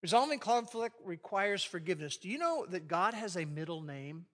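A man's voice: high-pitched, animated, moderate pace, fairly bright tone. A man preaching a sermon on marriage to a live audience, acting out quoted arguments with animation. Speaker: pastor leading a marriage session.

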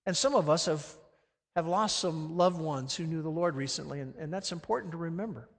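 A man preaching a sermon with animated delivery, swinging between loud emphatic peaks and hushed, low phrases. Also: a little fast, long reverb tail. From Alabama. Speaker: pastor.

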